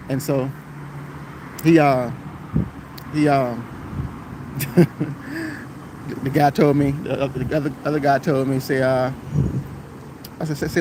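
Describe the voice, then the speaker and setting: A man in the middle of his pitch range tells a story on a live stream. He repeats himself and breaks off to greet viewers as they join. Road and vehicle noise run clearly behind him. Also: moderate pace, long pauses. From Florida, United States. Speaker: transit bus driver.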